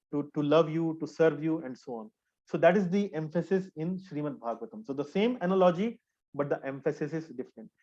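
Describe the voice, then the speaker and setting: A man teaching a scripture class in an earnest, repetitive way, pausing often with hesitant fillers. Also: on the high side, darkish tone. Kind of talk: explanatory spiritual lecture. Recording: dull lo-fi recording.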